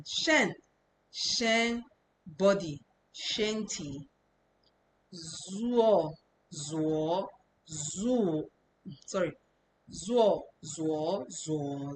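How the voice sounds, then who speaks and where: A woman's voice: lowish voice, a little hiss or hum, poor audio. A woman teaching a language lesson, patiently explaining step by step and drilling syllables by repeating them in each tone.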